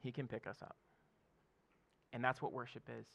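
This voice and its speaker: A man's voice: medium pitch, steady tone, moderate pace, creaky, sharp tone. A man in his thirties, a pastor, giving a conversational sermon with laughs and frequent "okay?" check-ins to the congregation.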